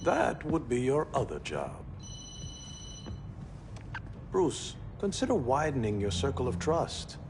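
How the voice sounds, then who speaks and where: A sensible business advisor with a mid-pitched voice that moves a lot as he persuades. A faint low rumble sits behind him. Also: huge pitch swings, heavily acted. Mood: earnest. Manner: measured, persuasive advice.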